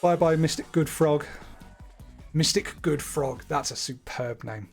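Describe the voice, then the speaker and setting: A man's voice: a little high, unhurried, soft background music. A man streaming live, talking through his gameplay in a chatty, playful way with wordy asides. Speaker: gaming streamer.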